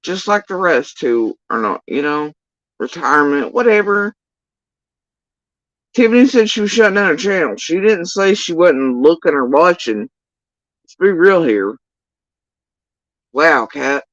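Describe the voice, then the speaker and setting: A woman's voice: deep voice, expressive, a little slow, pauses often, dry recording. A woman giving casual ranting livestream commentary, profane, sarcastic and exasperated, on a dull, dry lo-fi recording. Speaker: YouTube drama commentator.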